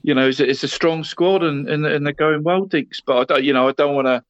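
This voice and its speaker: A man's voice: on the high side, fairly even intonation, fairly quick, dry recording. A talkative man co-hosting a football podcast. He rambles in a loose, easygoing way and keeps dropping "mate" into his sentences. The recording is dry and a little dull, as if from a budget mic. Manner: rambling, says "mate" constantly, laughs often. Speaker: podcast co-host. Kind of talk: casual football podcast chat.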